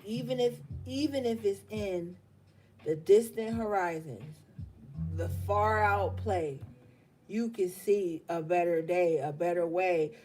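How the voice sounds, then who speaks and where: A woman's voice: medium pitch, warm tone. A woman hosting a live tarot reading stream, speaking with passion and emotion and swearing bluntly as she encourages her viewers.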